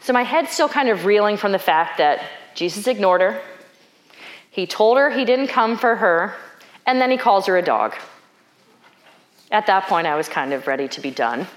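A woman's voice: mid-range voice, animated, normal speed, pauses often, roomy sound. A woman preaching a sermon in a reflective, conversational way, thinking aloud and asking questions.

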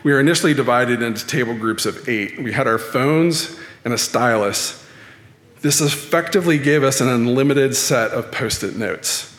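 A man giving a sermon-style talk at church, measured and dryly self-deprecating. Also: mid-range voice, fairly bright tone. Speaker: lay speaker at church. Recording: echoey hall with long reverb.

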